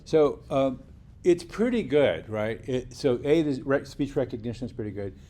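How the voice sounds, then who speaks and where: Here a man's mid-range, dark-toned voice carries lively intonation at a moderate pace. Lecturing to a university class in a lecture hall, he keeps it conversational, often restarting sentences and checking in with a rhetorical "right?"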